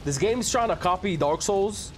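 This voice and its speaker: Young guy doing game commentary, hyped, high voice that jumps all over, yells and trash talks. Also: moderate pace, slight background noise. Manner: excitable, yelps and shouts, joking trash talk. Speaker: gaming video creator. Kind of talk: gameplay commentary with narration.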